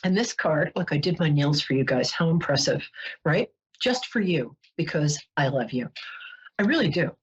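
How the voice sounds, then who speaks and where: Brief: New York woman, psychic show host, low husky voice, lively swoops, joking, chatty, muffled lo-fi sound. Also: moderate pace. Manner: playful, joking, digressive. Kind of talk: casual chatty monologue. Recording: dull lo-fi webcast audio.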